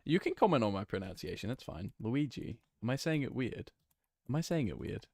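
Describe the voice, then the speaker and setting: A man's voice: medium pitch, sing-song, a little fast, vocal fry, a little mellow, no room sound. A man from New Zealand with a New Zealand accent, a game streamer chatting casually and rambling playfully, thinking aloud with lots of fillers. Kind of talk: casual chat while playing and reading chat.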